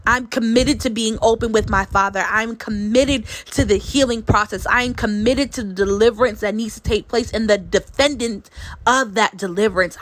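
A woman's voice: a little high, moderate pace, slight background noise, poor audio. A woman in her late twenties giving an earnest devotional sermon, repeating key phrases for emphasis. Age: late 20s. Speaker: Christian speaker.

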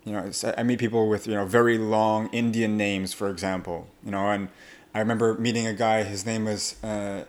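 A man speaking as a language coach in a podcast interview, animated and laughing often as he explains. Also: fairly low pitch, fairly quick.

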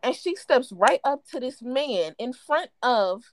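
A young woman spins gossip stories on a casual podcast, her voice leaping high and low as she acts out everyone's lines. The sound is dry and close, with no room around it. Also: big pitch swings, unhurried, no room sound. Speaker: podcast co-host. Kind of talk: casual chat, storytelling.

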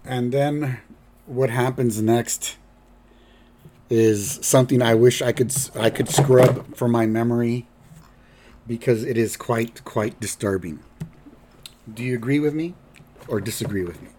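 A man's voice: medium pitch, steady tone, measured pace, pauses often, dark tone, slight background noise. Chatty man recapping a cartoon. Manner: chatty, rambling with restarts. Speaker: podcast host. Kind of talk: casual episode recap.

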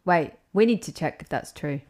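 A woman's voice: deep voice, lively intonation, normal speed, darkish tone. A young woman co-hosting a podcast, chatty and playful as she explains trivia in casual chat. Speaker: podcast co-host.

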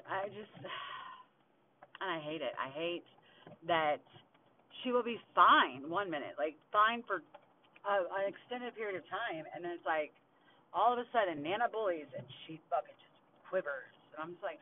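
A woman's voice: lowish voice, animated, unhurried, pauses often. A woman vents in a raw podcast monologue, swearing hard and ranting with heat. The sound is thin and phone-like, as if recorded over a tinny line. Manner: angry, heavy swearing, ranting. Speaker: podcast host. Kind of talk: venting monologue.

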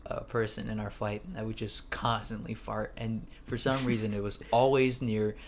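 A young man in casual chat who laughs along and chimes in with quick quips. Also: fairly low pitch, flat delivery, gravelly, slight background noise. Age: young adult.

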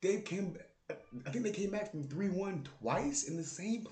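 This podcast host's voice sits high, animated and a little mellow, at a measured pace. Alone on his show, he jokes and swears through a casual basketball rant. His close mic catches plosive pops in a roomy, echoey space.

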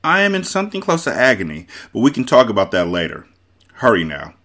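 A man's voice: lowish voice, wildly swooping pitch, fast, a bit bright, exaggerated voice. A man playing an earnest young storybook hero. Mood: strained. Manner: urgent, earnest. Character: young hero, brave and determined.

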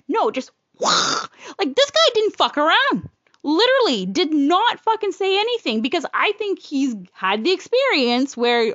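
Woman, high voice, lively swooping delivery, blunt and profane, personal storytelling, dry lo-fi sound. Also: moderate pace, no echo.

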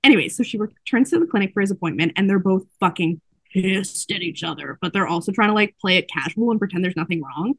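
A woman retells a book in an animated, casual way, slipping into the characters' lines as she goes. Her voice sits in a middle range. The sound is close and dry, with no room around it. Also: mid-range voice, fast, breathy edge, dry recording. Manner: animated storytelling, acting out quotes. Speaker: podcast host recapping a book. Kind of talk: casual chat.

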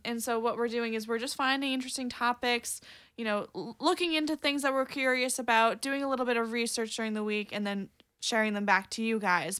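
A woman's voice: a little high, fairly bright tone, clear, resonant tone. A woman co-hosting a casual podcast, rambling and playful, laughing often. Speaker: podcast co-host. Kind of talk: casual chat.

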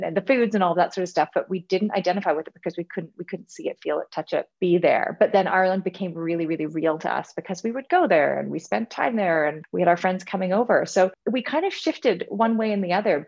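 A Canadian woman in her forties, a guest in a casual interview, telling animated stories about her family and laughing often. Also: fairly low pitch, creaky. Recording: lo-fi, dull sound.

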